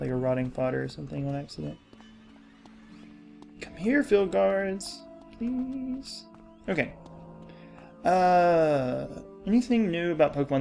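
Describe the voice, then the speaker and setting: A man's voice: a little high, vocal fry, a little mellow. A young man hosting a gaming channel, rambling in casual commentary over gameplay and often losing his train of thought.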